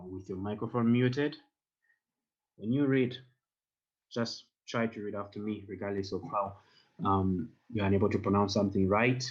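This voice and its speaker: A man's voice: lowish voice, dull audio. A man teaching an online German class, patiently repeating phrases for learners to echo over a computer mic on a video call. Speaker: language teacher.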